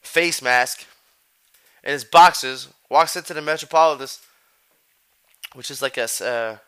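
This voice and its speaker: A man's voice: mid-range voice, measured pace, pushed and bright, clean tone. A man hosting a podcast, talking in loose, profane street slang and rambling from one thought to the next. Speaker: podcast host. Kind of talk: casual chat.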